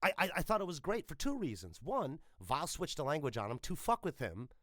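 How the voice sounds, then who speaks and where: Male voice actor guest, bright tense voice, dry close sound, emphatic, swears freely. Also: a little high, huge pitch swings, brisk, no echo. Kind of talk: casual interview chat.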